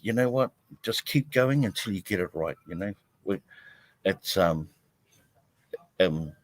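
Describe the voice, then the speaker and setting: A man's voice: lowish voice, no echo, low-quality recording. Laid-back man hosting outdoors. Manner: relaxed, many fillers, greets viewers by name. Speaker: live stream host. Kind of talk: casual live stream chat. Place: outdoors behind his house.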